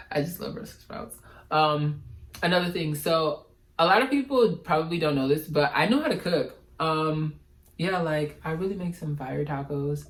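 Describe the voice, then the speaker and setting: A young man chatting casually to camera as a vlogger, animated, slangy and dramatic. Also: a little high, low-quality recording.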